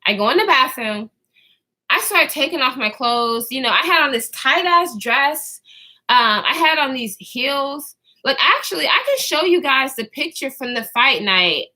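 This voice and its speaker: A young woman in her twenties telling a storytime vlog straight to camera, animated and profane, acting out what others said. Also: high voice, a little slow. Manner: animated, profane, acts out quotes in others' voices. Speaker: vlogger. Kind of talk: casual storytime.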